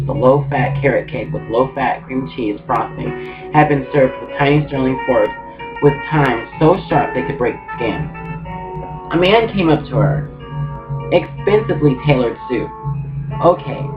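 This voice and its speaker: Casual male book reader; medium pitch, dull sound with guitar under. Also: expressive, normal speed. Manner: casual reading with small restarts and asides. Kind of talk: audiobook reading. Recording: muffled with guitar music.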